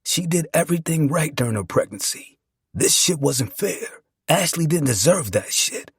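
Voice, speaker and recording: A man's voice: on the high side, lively intonation, normal speed, breathy edge, dry recording, studio quality. A man narrating a dramatic first-person story with emotion and profanity.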